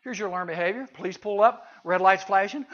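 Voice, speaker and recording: A middle-aged man with a high, bright, forceful voice gives a folksy talk to youth at a camp. He tells homely stories and throws in sound effects and little voices. The recording is dull and lo-fi. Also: fairly quick. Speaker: camp speaker.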